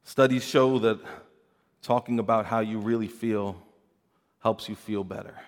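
A man preaching a sermon in an earnest way, moving from hushed, quiet passages to rising emphasis and often repeating his words. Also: lowish voice, steady tone, measured pace, long reverb tail. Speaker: pastor.

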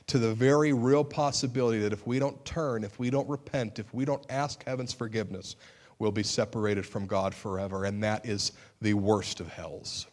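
A man's voice: fairly low pitch, fairly even intonation, moderate pace. Male pastor, middle-aged, earnest sermon delivery that bursts out emphatically, wry about himself. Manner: earnest, with sudden emphatic outbursts and self-deprecating humor.

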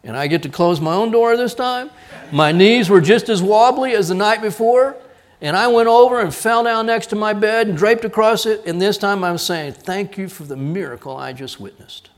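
Middle-aged male pastor, higher-pitched voice, lively storytelling sermon with acted-out lines. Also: moderate pace. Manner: animated storytelling, acting out dialogue.

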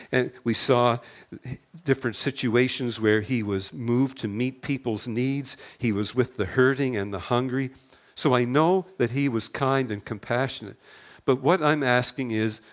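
Older guy preaching, mid-pitched voice, chatty and plain, lots of rhetorical questions. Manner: conversational, plainspoken, with rhetorical questions and small restarts. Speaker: pastor. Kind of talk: sermon.

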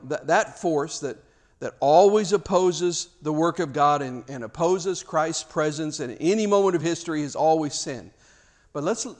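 A man preaching a sermon, emphatic, with rhetorical questions and repeated words. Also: on the high side.

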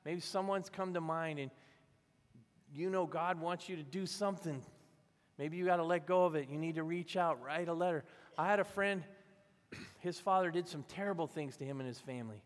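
A man's voice: fairly high pitch, normal speed. Pastor preaching in a reverberant hall, man. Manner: conversational storytelling, acting out voices in the parable. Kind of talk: sermon.

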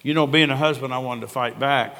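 A man's voice: mid-range voice, a little fast, pushed and bright. Older male pastor preaching in a reverberant hall. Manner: earnest storytelling, conversational preaching with quoted dialogue. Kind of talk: sermon. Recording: long reverb of a large hall.

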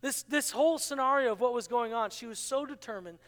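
A man's voice: very high voice, brisk, fairly bright tone. A man preaching a sermon in a dramatic manner, acting out the quoted dialogue. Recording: long hall reverb.

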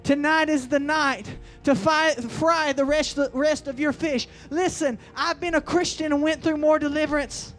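High-voiced preacher in full flow. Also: male voice, steady tone, fairly bright tone, faint music behind. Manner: preaching with rising bursts and slow emphatic lines. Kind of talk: fiery revival sermon.

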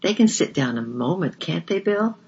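A man's voice: on the high side, very animated, normal speed, vocal fry, darkish tone, a little hiss or hum, pitched above the performer's own voice. A man playing a tired poor wife who pleads sympathetically, in a slightly dull lo-fi recording. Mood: sympathetic.

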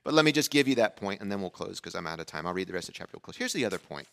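A man preaching a sermon as a pastor, telling a family story in a casual, conversational way and acting out the dialogue with lively energy. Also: low voice, very fast, vocal fry. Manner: animated storyteller who acts out dialogue.

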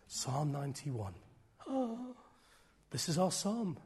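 A middle-aged man preaches with a high, husky voice. He swings between loud, fiery declarations and soft, breathy near-whispers. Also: expressive, moderate pace. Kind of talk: sermon.

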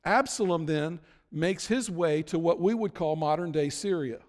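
Telling a sermon story in a relaxed, chatty way, this man occasionally voices the characters' lines himself. His pitch is fairly high and his tone darkish, at a normal speed, with long hall reverb.

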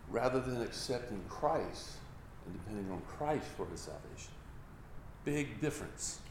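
A man's voice: mid-range voice, roomy sound, slight background noise. A man preaching a sermon as a pastor, driving each point home with emphatic repetition.

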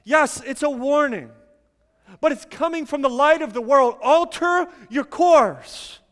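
A man preaching a sermon, emphatic at times and dropping to quiet intensity. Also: very high voice, normal speed, in a large hall.

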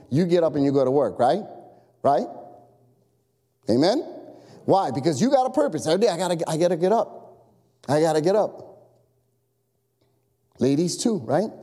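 Male pastor, 30s-40s, exhortative sermon, mellow tone, long room reverb. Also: fairly high pitch. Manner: animated, repetitive exhortation with asides. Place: church sanctuary. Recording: long echo of a large hall.

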